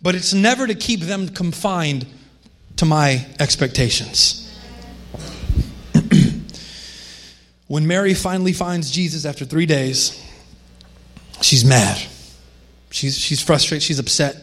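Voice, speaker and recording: A man's voice: fairly high pitch, lively intonation, slow, long pauses, fairly bright tone. A man preaching a sermon as a pastor, in a conversational manner with frequent restarts and asides.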